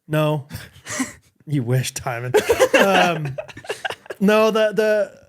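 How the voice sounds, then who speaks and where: A podcast co-host runs a casual quiz, speaking very slowly in an animated voice that's on the high side. He's giggly and hesitant, laughing a lot and filling gaps with plenty of ums.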